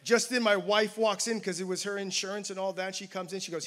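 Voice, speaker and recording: A man's voice: sits high, fairly even intonation, a little fast, fairly bright tone. A man preaching a sermon as pastor, telling a personal story with self-deprecating humor. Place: church campus service.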